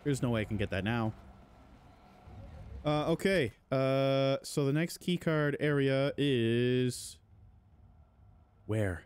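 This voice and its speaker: A man's voice: medium pitch, takes it slowly, pauses often, darkish tone, clean tone. A male gaming host giving let's-play commentary, panicky and jittery, talking to the enemies on screen as he plays. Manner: jittery, panicky running reactions.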